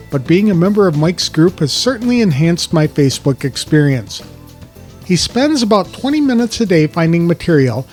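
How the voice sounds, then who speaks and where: A man's voice: high voice, darkish tone. A man hosting a podcast, reading an introduction and then asking a guest friendly questions over a video call. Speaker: podcast host. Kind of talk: scripted intro then interview chat.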